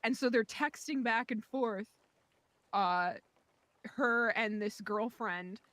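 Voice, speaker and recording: A woman's voice: fairly high pitch, slow, a bit bright, no room sound. A woman on a voice call telling a rambling story from home, full of fillers and asides. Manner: rambling, many fillers and likes. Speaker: friend on voice chat. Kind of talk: casual storytelling.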